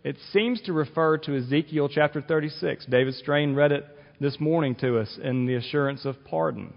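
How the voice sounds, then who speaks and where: A man's voice: on the high side, moderate pace, gravelly. A male pastor giving an earnest sermon, explaining scripture with occasional restarts. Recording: dull audio with long reverb in a hall.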